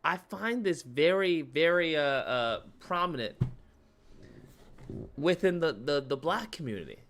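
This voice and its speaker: A man hosting a livestream, reacting to clips in casual, animated commentary and repeating his phrases. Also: fairly high pitch, a little slow.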